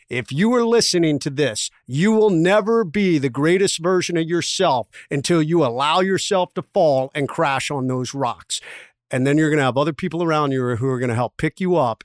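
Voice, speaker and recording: A man's voice: fairly high pitch, no echo, studio quality. Intense, emphatic male podcast host. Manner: intense, emphatic pep-talk delivery. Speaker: podcast host, former Navy SEAL. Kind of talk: motivational podcast talk.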